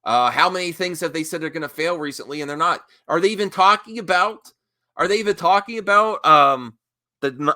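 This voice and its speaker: A man's voice: sits high, bright, forceful tone. A man doing heated reaction commentary, talking back at a video clip in a combative, mocking way.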